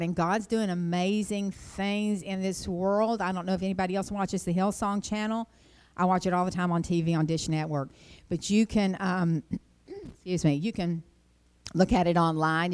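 A middle-aged woman giving an informal devotional talk, telling rambling personal stories and jumping high in pitch when she quotes herself. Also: darkish tone, clean tone. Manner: chatty, rambling storyteller, jumps up high when quoting herself. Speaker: Christian speaker.

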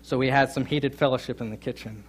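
A middle-aged man preaching a sermon, telling a funny story and joking with his congregation, with loud emphatic peaks. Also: medium pitch, steady tone, quick pace, slightly rough. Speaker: pastor. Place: church sanctuary.

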